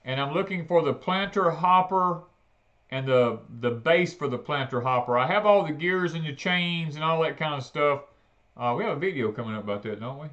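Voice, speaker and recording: A man chatting on a homestead livestream, telling stories in a folksy way that turns loud and heated. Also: on the high side, expressive, a little fast. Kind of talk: casual live chat. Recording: dull lo-fi livestream audio.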